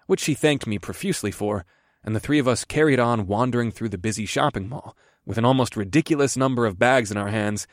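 A man's voice: medium pitch, no room sound, studio quality. A man narrating a first-person audiobook in an amused storytelling manner.

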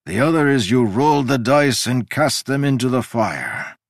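Brief: male narrator doing an ancient jovial god, emphatic and lecturing, mid-pitched, dry close sound. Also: animated, a little slow, no echo. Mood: grave. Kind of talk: audiobook character reading.

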